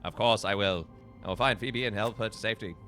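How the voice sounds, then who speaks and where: A man voicing a repentant old miser with a lowered, gruff and formal delivery while reading a video game aloud. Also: fast talker, a bit bright, faint music behind, natural voice. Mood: formal contrite.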